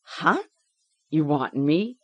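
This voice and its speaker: A woman voicing a detached uncle who offers flat, reluctant reassurance. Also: low voice, extremely slow, lo-fi sound, heavily acted. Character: detached middle-aged uncle, narrator in the story.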